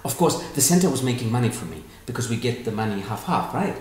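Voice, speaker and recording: A man's voice: medium pitch, quick pace, slight background noise. A man telling stories in a talk, acting out quoted dialogue in other voices. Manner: animated, acts out quoted dialogue. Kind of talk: storytelling talk answering questions. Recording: echoey room.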